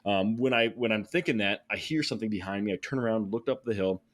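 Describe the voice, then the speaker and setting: A man tells a story on a podcast in a casual, animated way. He gets excited as he talks, laughs along, and often restarts his sentences. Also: fairly low pitch, fast. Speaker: podcast guest.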